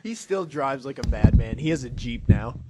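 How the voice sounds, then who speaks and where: A man's voice: medium pitch, expressive, normal speed, a crowd in the background. Laid-back joking man on a podcast. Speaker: podcast co-host. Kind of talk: casual chat.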